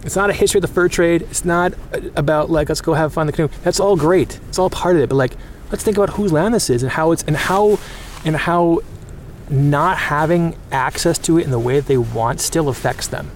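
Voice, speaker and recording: A man's voice: fairly high pitch, fairly quick, slight background noise. A man being interviewed, talking earnestly with lots of fillers and restarts. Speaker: interview guest. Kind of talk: recorded interview.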